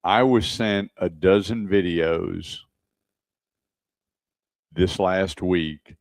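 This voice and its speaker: Low-pitched man, radio host, casual chat, animated storytelling, dry studio mic. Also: extremely slow, no echo. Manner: animated storyteller, acts out quotes.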